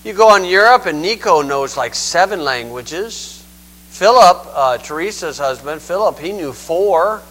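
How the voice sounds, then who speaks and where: A man's voice: high voice, lively intonation, measured pace, a bit bright, poor audio. A man giving a conversational Bible teaching, folksy and digressive, often saying "okay".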